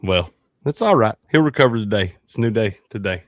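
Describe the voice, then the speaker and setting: A man's voice: on the low side, expressive, no room sound, studio quality. A man co-hosting a casual chat show, chiming in with folksy, easygoing remarks. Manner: quick, folksy, drops "man" at line ends. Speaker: co-host.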